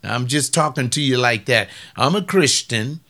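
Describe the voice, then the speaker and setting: Brief: male pastor on a webcast, blunt scolding sermon, bright forceful tone. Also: mid-range voice, lively intonation, normal speed. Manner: blunt, combative preaching with rising outbursts.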